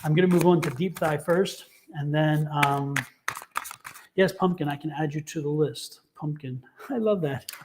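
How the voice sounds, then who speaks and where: Male tarot reader on a livestream: enthusiastic, rambling, slightly high-pitched, faint background noise. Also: moderate pace. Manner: enthusiastic, rambling, laughs often.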